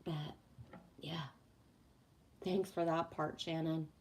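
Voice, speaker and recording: A woman's voice: low voice, flat delivery, takes it slowly, slight background noise. A woman hosting a casual spiritual livestream, reading viewer comments and venting bluntly, with lots of swearing and repeated "right?" tags. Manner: emphatic and profane, rhetorical "right?".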